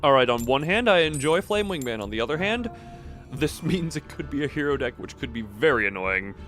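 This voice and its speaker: A man's voice: mid-range voice, animated, a little fast, a bit bright, soft background music. A man streaming a card game live, chatting with viewers in a wry, theatrical way. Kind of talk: live gameplay stream chat.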